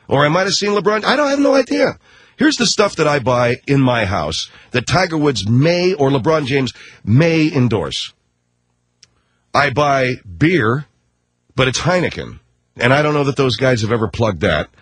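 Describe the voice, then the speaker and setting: A man's voice: medium pitch, a bit bright, husky, dry recording. A middle-aged man from the Los Angeles area, a radio host rambling through a sarcastic monologue.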